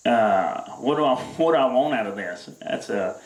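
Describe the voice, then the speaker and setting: In a barn with an echoey sound and slight background noise, a man from Louisiana stages a mock press conference as a self-styled outdoorsman. His medium-pitched voice has lively intonation and a moderate pace as he delivers a rambling, drawling, filler-heavy deadpan comedy monologue.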